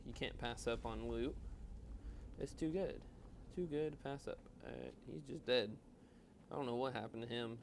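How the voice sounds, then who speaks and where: A gravelly mid-range voice at a moderate pace comes through a noisy background from a gaming channel host. Tired and yawning, he chats and rambles over his own play, mocking his own decisions.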